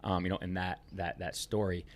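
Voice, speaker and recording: Fast-talking low-voiced man, rambling. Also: level tone, a loud crowd. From Ohio, United States. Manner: rambling, heavy on "you know" fillers, emphatic. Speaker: podcast guest, business owner. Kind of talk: casual podcast conversation.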